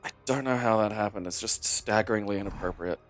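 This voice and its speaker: A man's voice: on the low side, quick pace, faint music behind. Profane rambling man chatting over gameplay. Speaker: co-host of a gaming channel. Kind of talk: casual chat while playing a game.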